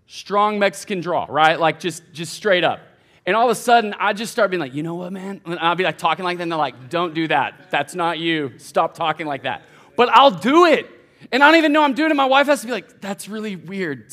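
A young man, preaching a sermon as a college pastor in a conversational way that swings between quiet and emphatic. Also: on the high side. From United States. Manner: conversational preaching, fillers and restarts, swings from soft to loud.

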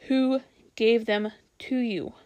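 A woman voicing a cruel, haughty witch queen in a storybook reading, giving slow, menacing commands. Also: a little high, fairly even intonation, darkish tone. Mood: cold, commanding. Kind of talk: storybook read-aloud.

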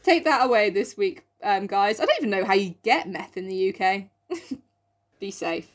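A woman's voice: mid-range voice, lively intonation, moderate pace. Giggly, sweary British woman. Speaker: podcast co-host. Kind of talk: casual chat, reading a classic novel aloud.

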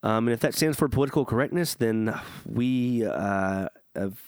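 A man's voice: medium pitch, moderate pace, a little mellow, no room sound. A young man co-hosting a podcast, telling rambling, profane stories in casual chat. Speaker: podcast co-host.

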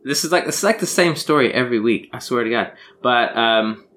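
A man's voice: medium pitch, expressive, fairly quick, a bit bright. A British man co-hosting a podcast, telling rambling, self-mocking anecdotes in a casual, tired way. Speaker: podcast co-host. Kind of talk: casual chat.

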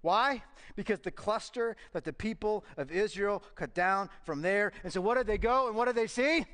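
A man's voice: high-pitched, normal speed, a bit bright. A man preaching a sermon as pastor, emphatic and full of rhetorical questions. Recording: long reverb of a large hall.

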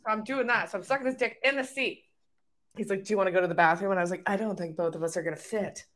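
A woman's voice: mid-range voice, very fast, a bit bright. A young Canadian woman co-hosting a podcast, telling frank, profane stories in casual chat. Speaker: podcast co-host.

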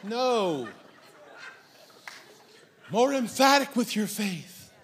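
A man preaching a sermon as pastor, emphatic and comic, breaking into shouted lines. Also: sits high, very animated, extremely slow, slight background noise.

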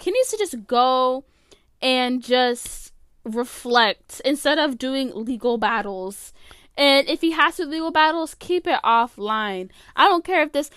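A woman's voice: high voice, fairly bright tone, clear, resonant tone, no echo, studio quality. A young woman giving casual, opinionated commentary, rambling with lots of "like" as she goes. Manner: rambling, opinionated, heavy use of "like". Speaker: vlogger.

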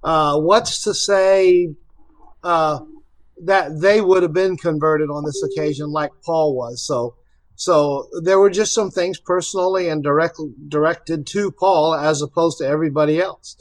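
A man joins a Bible study discussion and thinks aloud as he explains. He hesitates and restarts often. His voice sits slightly high for a man. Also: measured pace, poor audio. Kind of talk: casual discussion.

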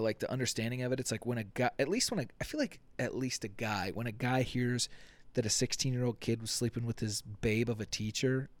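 A young man hosting a casual solo podcast, rambling and swearing, acting out quick quotes with jokey asides. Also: medium pitch. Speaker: podcast host.

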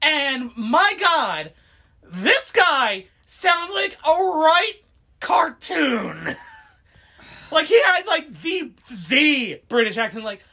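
A woman's voice: high voice, big pitch swings, extremely slow, sharp tone. A woman co-hosting a podcast, chatting casually and rambling with plenty of fillers and laughter. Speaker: podcast co-host. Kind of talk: casual chat.

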